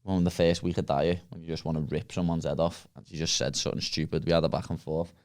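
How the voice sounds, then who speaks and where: A man's voice: very deep voice, steady tone, fast, darkish tone. A man hosting a casual podcast chat, blunt and sweary, calling everyone "lad" and laughing at his own stories. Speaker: podcast host.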